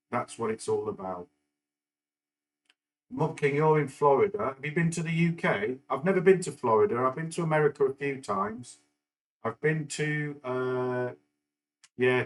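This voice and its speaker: A man's voice: mid-range voice, rough recording. A middle-aged man from England, chatting casually on a live stream and rambling with many fillers and restarts. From northern England. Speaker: stock market livestream host.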